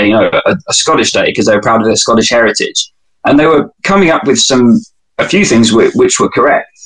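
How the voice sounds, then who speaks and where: A British man from the United Kingdom guests on a podcast, chatting casually and wryly, drifting into digressions and favoring analogies. His mid-range voice is a bit bright, though the audio quality is poor.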